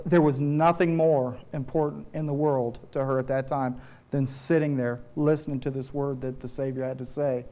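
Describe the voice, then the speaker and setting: Man, preacher, church sermon, earnest, conversational, warm mellow tone, fairly high voice. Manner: earnest, conversational, frequent restarts.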